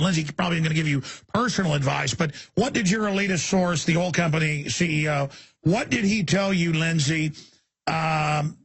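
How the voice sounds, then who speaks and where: A man's voice: a little high, vocal fry, fairly bright tone, husky, dry recording. A man hosting a call-in radio talk show, rambling with many fillers as he plugs material and takes calls.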